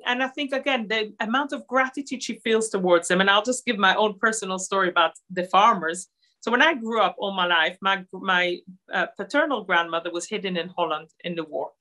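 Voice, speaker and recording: A woman who grew up in Israel, giving an earnest talk over slides at a Holocaust centre, with many pauses and fillers. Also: medium pitch, pushed and bright.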